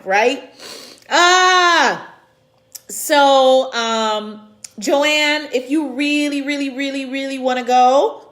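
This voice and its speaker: A woman with a fairly high voice hosts a faith talk streamed live from her computer. She speaks in an earnest, preacherly way and greets her viewers by name. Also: slow, a bit bright. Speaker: women's conference host and speaker. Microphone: computer camera mic.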